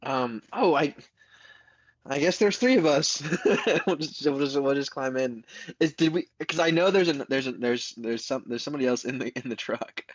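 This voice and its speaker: A man's voice: mid-range voice, moderate pace, no echo. Stammering man player, dry lo-fi. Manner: laughing, hesitant, stammering. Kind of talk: casual chat at a tabletop game.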